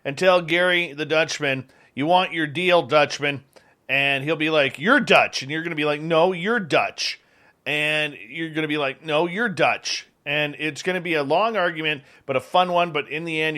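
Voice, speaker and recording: A man's voice: a little high, fairly even intonation, moderate pace, sharp tone. A man hosting a radio show, chatting casually and reading a live ad in a joking, rambling way. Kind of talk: casual chat and live ad read.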